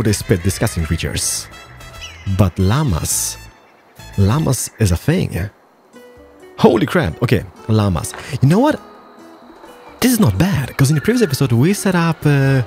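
A man's voice: medium pitch, darkish tone. A man hosting a game channel who rambles playfully through casual gameplay commentary and drops mock Spanish words. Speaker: gaming channel host.

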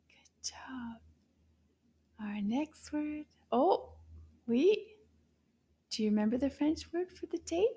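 A woman leads a children's lesson in a high, mellow voice, gasping with delight between words. She talks very slowly, stretching each word so young listeners can repeat after her, and praises every answer. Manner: encouraging, gasps and drawn-out exclamations. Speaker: French teacher for children.

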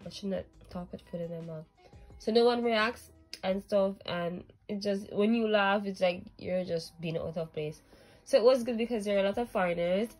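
A woman vlogs casually to a handheld camera, chatting in a rambling way and laughing easily. Her voice sits at an ordinary pitch for a woman. Quiet music plays faintly behind her. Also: rough recording. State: sick, getting better. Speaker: vlogger. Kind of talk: casual vlog chat. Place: in Japan, various places.

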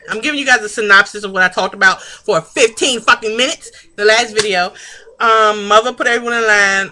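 Brief: bright, sharp-toned woman vlogger, sassy and foul-mouthed, casual review. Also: a little high. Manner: sassy, profane, chatty, laughs often. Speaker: reality-TV reviewer.

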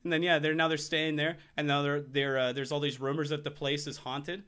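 A man's voice: a little high, flat delivery, fairly quick, bright, forceful tone. A young man hosting a casual podcast, sarcastic, swearing a lot and playing mock-arrogant. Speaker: podcast host. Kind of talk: casual profane banter.

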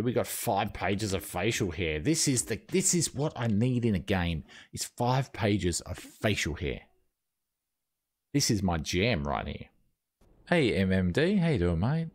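A man giving jokey, excitable live commentary as a game streamer, joking with chat and swearing now and then. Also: fairly low pitch. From Australia.

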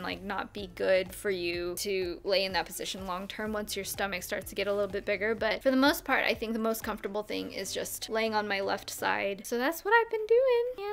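A woman's voice: a little high, a bit bright. A young woman talking through a casual vlog update, chatty, with lots of "like" fillers, pregnant and getting out of breath. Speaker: vlogger.

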